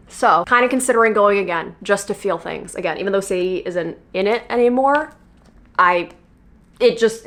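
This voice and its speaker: A woman's voice: on the low side, a bit bright. A young woman in her twenties chatting casually in a vlog, gushing and playful, swearing freely and poking fun at herself. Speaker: vlogger. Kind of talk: casual chat. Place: New York.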